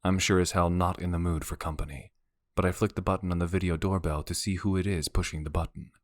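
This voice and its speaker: A male narrator reads a romance audiobook in the first person, with a wry, brooding delivery. His voice sits very low. The recording is close and dry. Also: steady tone, quick pace, dry recording.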